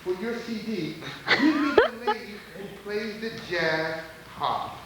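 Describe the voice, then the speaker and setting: A man's voice: high voice, huge pitch swings, unhurried. A man emceeing a live audience quiz at a college event, teasing contestants playfully and laughing often. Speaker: emcee quizzing audience members. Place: large college event hall. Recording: echoey hall taped from far off, noisy old videotape.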